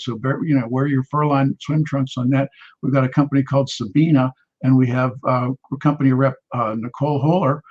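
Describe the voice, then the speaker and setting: A man's voice: medium pitch, a little mellow. A man hosting a virtual investor panel, talking with folksy, jokey enthusiasm. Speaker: host. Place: at home on a video call. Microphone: video call. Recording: slightly muffled video call audio.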